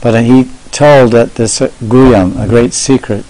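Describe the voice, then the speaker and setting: A monk giving a devotional sermon, telling stories in a measured way and slowing down to stress key words. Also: male voice, medium pitch, fairly even intonation, warm tone, poor audio. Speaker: monk lecturer.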